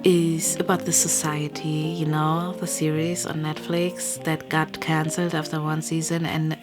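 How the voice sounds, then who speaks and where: A woman's voice: deep voice, level tone, unhurried. Young woman chatting candidly over music. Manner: rambling, candid storytelling with frequent fillers and soft whispered asides. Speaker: vlogger. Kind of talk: casual chat. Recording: music playing behind.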